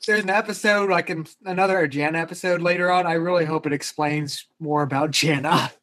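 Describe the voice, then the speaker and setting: A man with a voice sitting slightly high for a male speaker, reacting casually as a guest. He muses and speculates aloud in a relaxed, talky way. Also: fairly quick.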